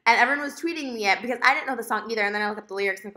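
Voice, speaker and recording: A woman vlogger rattles through a breakup story at high speed. Her voice is bright and edgy, and she keeps circling back with filler words and emotional asides. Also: racing, hardly any pauses. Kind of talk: casual storytime rant to camera.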